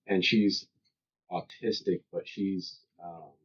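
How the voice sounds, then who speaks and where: Laid back podcast guy, super deep voice, muffled lo-fi sound. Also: fairly even intonation, slow, fairly bright tone, slightly rough. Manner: laid-back, brief replies. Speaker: podcast co-host. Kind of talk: casual chat. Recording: dull lo-fi podcast audio.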